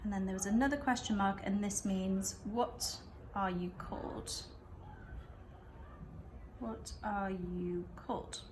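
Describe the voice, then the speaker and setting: A woman teacher calmly walking students through a revision method, repeating phrases slowly and clearly. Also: medium pitch, slight background noise. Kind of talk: revision lesson walkthrough.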